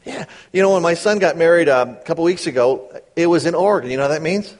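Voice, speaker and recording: A middle-aged man preaching a sermon, reading scripture slowly and then explaining it in quick, casual asides. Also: on the high side, expressive. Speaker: pastor.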